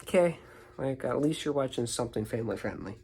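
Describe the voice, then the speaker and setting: A man's voice: medium pitch, lively intonation, quick pace, vocal fry, a little mellow, poor audio. A young man vlogging, telling a rambling personal story to the camera, often repeating himself. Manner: rambling, repeats words and restarts. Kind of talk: casual storytelling monologue.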